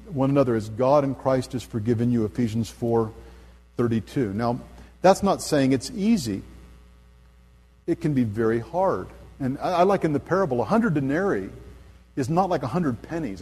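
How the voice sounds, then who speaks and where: A middle-aged pastor delivers a sermon, earnest and emphatic at its high points, then soft and low when telling stories. His voice has a breathy edge, and the recording carries a long hall reverb.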